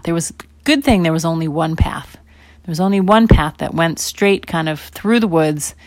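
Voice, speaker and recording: In a lowish voice, a woman reads a children's bedtime story, swinging between loud, eager emphasis and soft whispers. The recording is dry and close.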